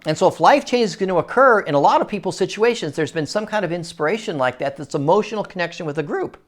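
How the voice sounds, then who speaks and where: A man telling a personal story in a casual, rambling monologue, often breaking off and restarting his sentences and growing animated at the exciting parts. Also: sits high. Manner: rambling, self-interrupting, animated when excited.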